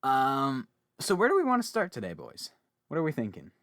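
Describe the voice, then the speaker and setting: A young man hosting a casual podcast chat, talkative and quick to laugh, often interrupting himself. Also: mid-range voice, wildly swooping pitch, a bit bright, no echo. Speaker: podcast host.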